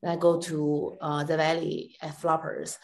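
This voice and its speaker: Low-voiced woman comic, blunt and punchy, lots of uhs. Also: level tone, moderate pace, a little mellow. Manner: blunt, emphatic, with fillers. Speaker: comedian guest. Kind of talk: candid interview talk.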